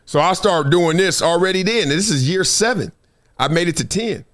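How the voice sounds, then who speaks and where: A middle-aged man, a former football player, hosting a casual livestream in an animated, slangy, joking way. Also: high-pitched, moderate pace.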